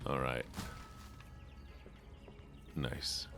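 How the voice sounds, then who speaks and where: A male streamer chatting casually while he plays, thinking out loud and replying to his chat. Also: rumbling low, flat delivery, drawn-out words, gravelly, over music.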